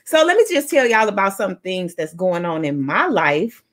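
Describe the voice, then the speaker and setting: A woman hosting a live online talk show, loud and playful, hyping up her viewers and breaking into bits of song. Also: medium pitch, very animated, moderate pace.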